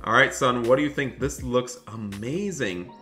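A man playing a dad in an animated game roleplay, excitable and often scolding his son. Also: mid-range voice, normal speed, faint music behind.

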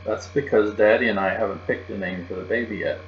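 A man voicing a patient mother in a children's audiobook reading, speaking softly and calmly. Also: on the low side, a little fast, soft background music, natural voice. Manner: soft, calm, patient. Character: patient pregnant mother, gently scolding. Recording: roomy, dull, with mains hum.

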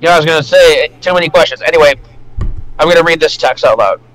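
A man hosting a casual reaction video over voice chat, excitable and swearing often with loud outbursts. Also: a little high, quick pace, rough recording.

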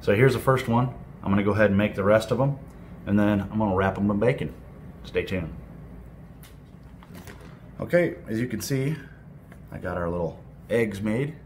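A man's voice: lowish voice, moderate pace, pauses often. A man from the US hosting a casual cooking vlog at an outdoor grill, exclaiming with enthusiasm over the food. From United States. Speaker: cooking channel host. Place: outdoors at a grill on a windy day. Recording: wind and outdoor noise over the voice.

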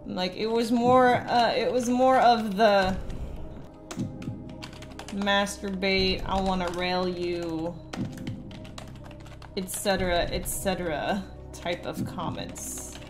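A woman's voice: mid-range voice, fairly even intonation, slow pace, long pauses, music in the background. A young woman streamer reading viewer messages aloud and answering them with sarcastic, casual commentary. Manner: sarcastic, reads messages aloud in mocking voices.

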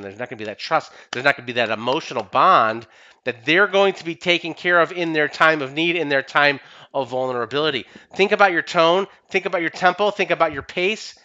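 A man's voice: fairly high pitch, bright, forceful tone, muffled recording. A man, a company CEO, giving an instructional talk and repeating key phrases for emphasis. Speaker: company CEO presenting training. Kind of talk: instructional talk on workplace skills.

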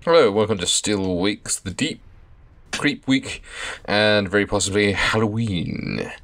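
A man's voice: lowish voice, measured pace, fairly bright tone. A man casually commenting while playing a horror game, chatty and wry. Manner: chatty, wry, laughing asides. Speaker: let's play host.

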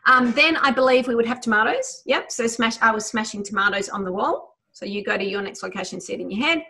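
A woman teaching a memory exercise over a video call, guiding listeners through a visualization in a quick, enthusiastic, chatty way. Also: fairly high pitch, creaky, bright, forceful tone. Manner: quick, enthusiastic talker who tries to slow down; chatty, with many fillers. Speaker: memory trainer. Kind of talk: guided visualization lesson.

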